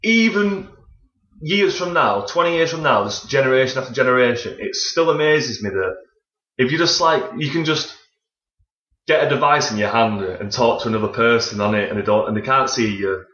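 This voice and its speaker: A man's voice: medium pitch, normal speed, a bit bright. A man in his twenties co-hosting a podcast, chatting casually, rambling and swearing a lot. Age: 20s. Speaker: podcast co-host. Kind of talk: casual chat. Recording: dull, roomy home recording.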